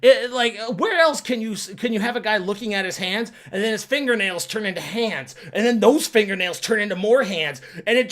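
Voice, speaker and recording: A young man giving a casual, rambling movie review, excitable and quick to swear. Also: high voice.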